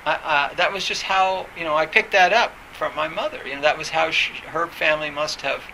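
A man with a gravelly edge and a strikingly sharp, forceful tone, sitting a little high in pitch. He talks about meditation in a halting, reflective way, full of pauses, fillers and self-corrections. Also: steady tone, a little hiss or hum, rough recording. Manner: hesitant, halting, many fillers and restarts.

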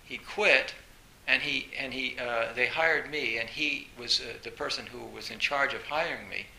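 Gravelly, bright-voiced man telling stories. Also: medium pitch, moderate pace. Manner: animated storytelling, laughs often, many fillers. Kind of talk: storytelling dharma talk. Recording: roomy echo with faint hiss.

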